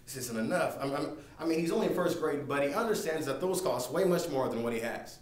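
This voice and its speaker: A young man preaching a class sermon and telling a story, often halting and restarting his words. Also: a little high. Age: young adult. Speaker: student preacher. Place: lecture room. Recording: echoey room, distant mic, faint noise.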